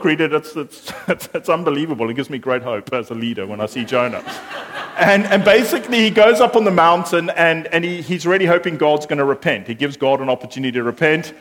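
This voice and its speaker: A man preaching a sermon, animated and lively at times, then hushed and earnest. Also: mid-range voice, a little fast. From South Africa.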